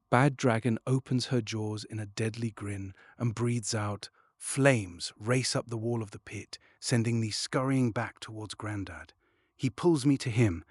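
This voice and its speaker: A man narrating a children's storybook in first person, expressive and dropping to a hush at tense moments. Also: lowish voice, breathy edge, no echo, studio quality. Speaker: audiobook narrator.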